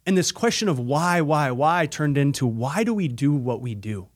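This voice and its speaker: A man's voice: on the high side, animated, moderate pace, hardly any pauses. A man hosting a podcast, telling a personal story in an earnest, emphatic motivational style and repeating phrases for effect. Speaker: podcast host.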